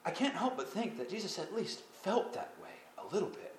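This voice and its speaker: A man teaching an evening Bible study, earnest, climbing to impassioned pleading and dropping to soft reflection. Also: sits high, very animated, a little fast, slight background noise.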